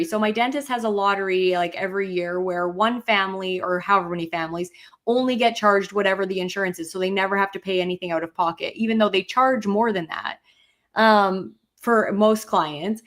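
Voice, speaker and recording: Chatty woman co-hosting a podcast. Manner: animated storyteller, quotes herself in higher voice. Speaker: podcast co-host. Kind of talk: casual chat.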